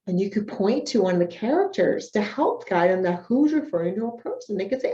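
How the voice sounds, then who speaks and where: A young woman, a speech language pathologist, giving a lecture on reading with children, animated and modeling child talk in a sing-song voice. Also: mid-range voice, a little fast, muffled recording.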